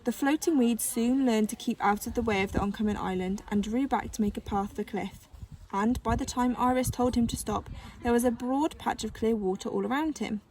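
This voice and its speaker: A woman reading a children's novel aloud with gentle, expressive storytelling. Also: fairly high pitch, fairly quick. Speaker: narrator.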